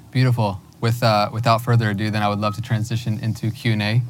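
A man moderating an event, hesitant and filling pauses with uh. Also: on the low side, little pitch movement, faint music behind. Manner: hesitant, with fillers.

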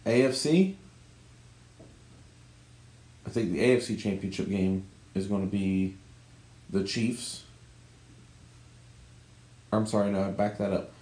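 A man's voice: lowish voice, measured pace, long pauses, a little mellow. Man, podcast co-host, casual sports talk, opinionated, joking, echoey room.

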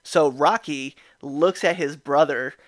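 A man hosting a podcast, telling a story in a casual, animated way with frequent laughs and restarts. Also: a little high, slow pace, no echo, clean studio sound. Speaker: podcast host.

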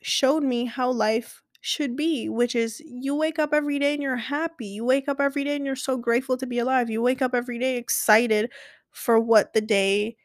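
A woman's voice: on the high side, steady tone, moderate pace, no room sound, clean studio sound. A young woman telling a story in a casual vlog, chatty and rambling with lots of fillers and restarts, gushing with enthusiasm.

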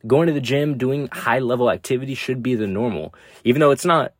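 A man's voice: mid-range voice, a little fast, dry recording, clean studio sound. A young man hosting a podcast, giving a blunt, profane motivational talk that keeps repeating its points. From United States. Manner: blunt, heavy swearing, repeats himself. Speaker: podcast host. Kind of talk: casual motivational monologue.

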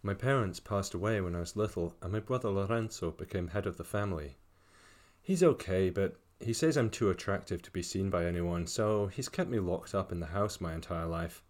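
A man's voice: deep voice, a little fast, darkish tone, close to an everyday voice. A man voicing an anxious, sorrowful young noblewoman in a comic storybook tale, talking in an earnest, pleading way. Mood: confiding.

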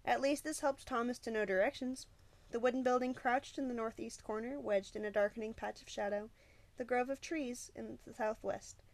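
A woman's voice: fairly high pitch, moderate pace, dry recording. Woman reading a novel in a dry close sound. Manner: steady storytelling with small slips. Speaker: audiobook narrator.

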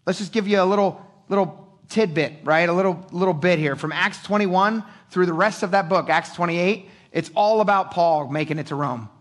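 A middle-aged man preaching a sermon, animated and casual, joking and acting out voices. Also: high-pitched, normal speed. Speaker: pastor.

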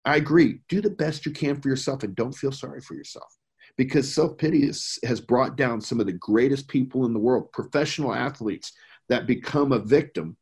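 A middle-aged American man, a veteran who worked overseas, chats as a podcast guest in a mid-range, slightly mellow voice with a breathy edge. He talks casually and earnestly, emphatic and rambling, often restarting his sentences.

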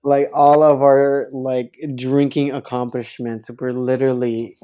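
Man, mid-pitched, podcast host, teasing, swears a lot, casual. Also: little pitch movement, a little slow, warm tone, smooth. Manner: teasing, profane, pushes friend to tell the story. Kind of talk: casual chat.

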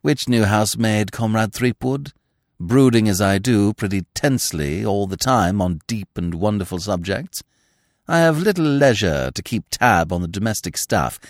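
A man reading a story voices a suave, verbose young gentleman with a florid, ironic manner. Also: lowish voice, animated, normal speed, no room sound, studio quality. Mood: urbane.

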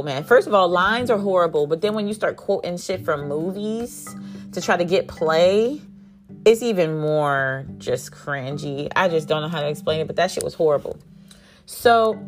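A young woman with a lower-pitched voice speaks candidly in a podcast-style chat. She is blunt and swears freely, and she retells events in a lively, storytelling way. Soft music plays faintly behind her. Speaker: podcast host.

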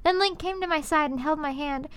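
A woman's voice: high voice, fairly quick, a bit bright, no echo. A young woman hosting a comedic fan fiction reading, with giggly, self-deprecating asides.

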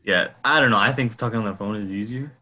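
Young male co-host with a low-pitched voice, easygoing and teasing in loose, slangy banter. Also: fast, sharp tone. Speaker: podcast co-host. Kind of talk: casual chat.

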